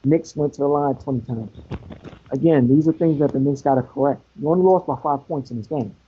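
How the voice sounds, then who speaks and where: A man's voice: mid-range voice, fairly quick, slight background noise. A man talking sports on a podcast in an emphatic way, repeating himself for effect. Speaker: podcast co-host. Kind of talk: casual sports talk. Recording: muffled lo-fi podcast audio.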